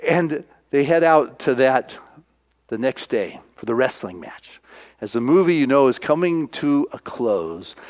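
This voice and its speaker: A male minister preaching, retelling a film as an animated storyteller who acts out the voices. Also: mid-range voice, a little slow.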